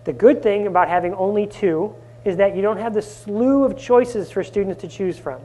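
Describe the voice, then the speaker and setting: A man presenting a live conference workshop, energetic and often asking the audience questions. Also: sits high, moderate pace. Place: conference room.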